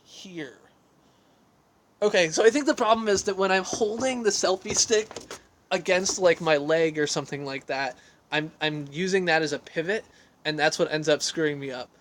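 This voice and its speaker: Male livestream host, slightly high voice, rambling and self-deprecating, outdoor deck, phone on a selfie stick. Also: normal speed. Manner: rambling, self-deprecating, reads and answers chat aloud. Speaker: livestream host answering viewer questions. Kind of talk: casual livestream chat.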